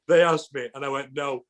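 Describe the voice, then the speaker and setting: A man guesting on a podcast in casual chat, telling animated stories and acting out what people said. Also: medium pitch, slightly rough. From England. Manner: animated storyteller, acts out quotes, many restarts.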